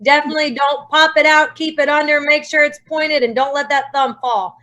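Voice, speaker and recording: A woman guest speaking in a brisk, confident way. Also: high-pitched, fairly even intonation, sharp tone.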